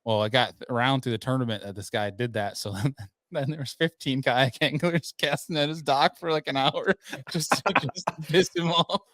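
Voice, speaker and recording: Animated storytelling podcast host, man. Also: mid-range voice, normal speed, dry recording. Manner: animated storyteller, acts out quoted people. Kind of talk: casual chat.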